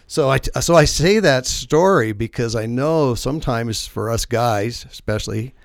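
A man's voice: mid-range voice, animated, normal speed, no room sound. A man hosting a casual faith-based podcast, telling rambling, self-deprecating stories. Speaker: podcast host.

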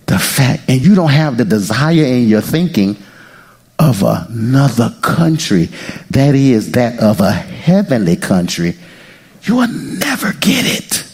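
A male pastor preaching an impassioned sermon, swinging from loud cries to near-whispers and breaking into prayer. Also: mid-range voice, slightly rough. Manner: prays aloud mid-sermon.

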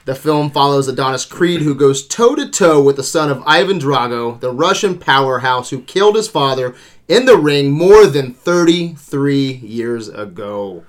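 Male podcast host, 30s, relaxed and animated, loose with swear words. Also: mid-range voice, normal speed. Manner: animated, swears casually, laughs often. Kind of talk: casual movie review chat.

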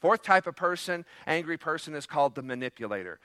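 A man's voice: fairly high pitch, expressive, fast, bright, forceful tone, no echo. A man preaching a sermon as pastor, in a conversational way with frequent fillers. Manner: leans into acted quotes.

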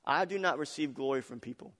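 A man preaching a sermon as pastor, telling family stories with laughter and swinging between loud, excited passages and soft, hushed ones. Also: fairly high pitch, fast. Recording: long hall reverb.

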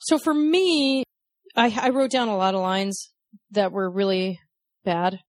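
A woman co-hosting a podcast, chatting casually about a film, frank and quick to laugh and swear. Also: medium pitch, fairly even intonation, no echo, clean studio sound. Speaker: podcast co-host. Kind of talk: casual chat reviewing a film.

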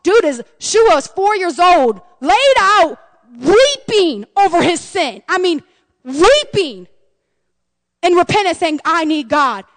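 High-voiced woman pastor, fervent sermon. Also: very animated, takes it slowly, dry recording. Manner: impassioned, swings from loud cries to hushed tones.

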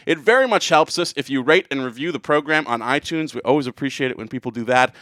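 A man hosts a casual podcast, trading teasing jokes with his co-hosts. His voice sits in a middle pitch, recorded close and dry with no room sound. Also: fast talker, pushed and bright, no room sound. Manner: joking, teasing banter. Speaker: podcast host. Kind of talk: casual chat.

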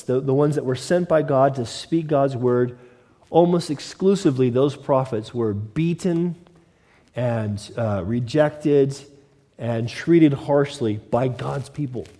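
A man's voice: mid-range voice, warm tone. Man preaching in a reverberant hall. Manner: conversational preaching with mock quoted voices. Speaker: pastor. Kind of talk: sermon.

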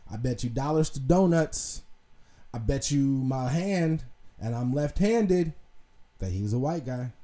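This young adult podcast host has a mid-range, expressive, mellow voice and a slightly slow pace. In his casual commentary monologue, he swears freely, talks loosely, and keeps trailing off to restart.

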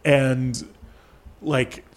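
A man's voice: mid-range voice, little pitch movement, extremely slow. A young man in casual podcast chat, talking in a loose, profane way. He hosts the show and fills his talk with "like". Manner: casual, profane, lots of "like" fillers. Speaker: podcast host.

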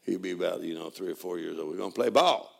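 An older man preaching a sermon, joking folksily and building to shouted praise. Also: low-pitched, fast, vocal fry. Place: church hall. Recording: live church audio with crowd. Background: congregation laughing and responding.

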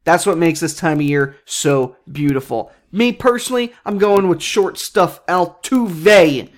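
Animated young man hosting a sports podcast. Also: fairly high pitch, a little slow. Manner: jokey, self-deprecating, rambling with restarts. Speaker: podcast host. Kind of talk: casual sports talk.

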